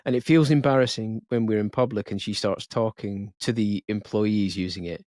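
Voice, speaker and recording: A man's voice: lowish voice, moderate pace, a little mellow, no room sound, clean studio sound. A man co-hosting a podcast, reading a listener's confession aloud with small stumbles and self-corrections. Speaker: podcast co-host.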